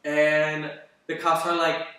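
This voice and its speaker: A man with a raised, bright and forceful voice rambles through an animated story, filling it with "like" and curses. He sits well back from the mic in a very echoey room, so the sound rings and feels distant. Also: a little high, slow. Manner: rambling and animated, heavy "like" and swearing. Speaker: vlogger. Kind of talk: casual storytelling Q&A.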